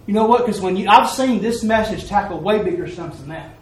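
At a church service, a high-voiced man who preaches as a layman shares a homespun testimony a little quickly, performing each quoted line in character. Recorded from a distance, his voice echoes around the large room, with a soft hiss beneath it.

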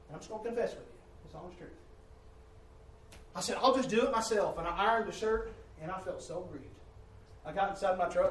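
Man, preacher, sermon, high voice, confessional storytelling, echoey hall. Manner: confessional, storytelling, swings from quiet to loud and exasperated. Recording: echoey room, distant mic, faint ambience.

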